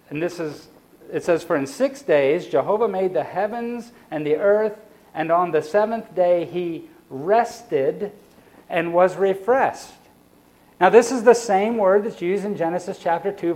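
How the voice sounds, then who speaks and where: A man preaching a sermon in a voice a touch higher than most men's. He stretches key phrases slowly and rushes asides. He sinks to near-whispers when he voices a quiet reflection. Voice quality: sighs for emphasis. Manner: varies pace and loudness, slows on key phrases, drops soft for quoted reflections.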